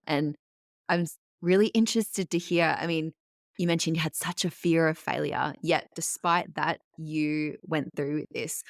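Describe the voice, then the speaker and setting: A woman's voice: sits low, no room sound, clean studio sound. A woman hosting a podcast, asking thoughtful, inquisitive interview questions. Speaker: podcast host.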